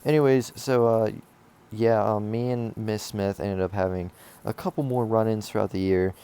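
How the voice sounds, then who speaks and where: Deep gravelly young man rambling. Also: steady tone, normal speed, warm tone. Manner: rambling, profane, lots of fillers and restarts. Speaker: vlogger telling a school story. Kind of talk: casual storytime monologue.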